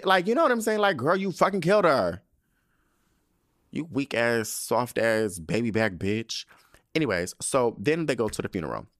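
Young guy recapping a show on his podcast, cussing and ranting hard, low voice, dry close sound. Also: no echo. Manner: profane, animated ranting with lots of slang. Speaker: podcast host. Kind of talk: casual TV episode recap.

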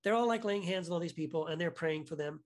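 A man guest on a podcast, telling a story in a casual, animated way, full of restarts and "right?" asides. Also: fairly high pitch, fast. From United States.

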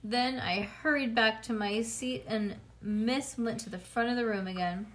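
A woman reading a children's book aloud to a child, expressive and playful, chatting between passages. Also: fairly high pitch, a little slow.

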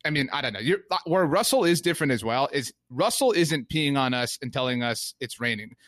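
Bright-voiced rambling podcast co-host. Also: male voice, medium pitch, animated, brisk, no room sound. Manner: rambling, many fillers, mimics players in quotes. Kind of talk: casual sports podcast chat.

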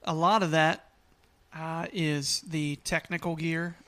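A man co-hosting a podcast in relaxed, joking casual chat. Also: on the high side, takes it slowly. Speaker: podcast co-host.

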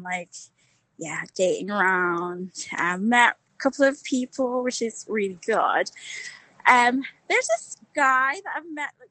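Caller: Northern English woman, bright, dry sound, breathless and frank. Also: a little high, no room sound, poor audio. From Northern England. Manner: frank, laughing, many fillers. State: out of breath from walking. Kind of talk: casual phone call.

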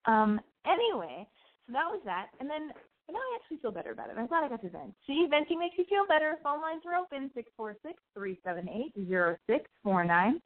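A woman's voice: high voice, very animated, a little fast. A woman hosting a call-in radio show, talking candidly and rambling with swearing and self-analysis. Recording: phone-like narrow sound.

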